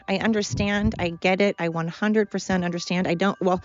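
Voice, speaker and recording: A woman's voice: mid-range voice, normal speed, hardly any pauses, lo-fi sound, over music. A tired woman hosting her podcast at home, talking in a rambling, candid monologue. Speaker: podcast host. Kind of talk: casual personal monologue. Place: at home with pets.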